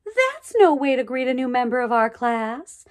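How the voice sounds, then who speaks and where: Storybook: woman playing a prim, gently scolding teacher, fairly high voice with lively lilt. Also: normal speed. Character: prim, patient female schoolteacher.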